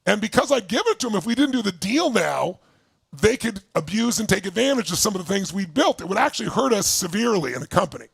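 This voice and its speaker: A man telling a story in an animated, emphatic motivational talk, swearing freely. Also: sits high, fast, creaky, slightly rough, dry recording, clean studio sound. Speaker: motivational speaker.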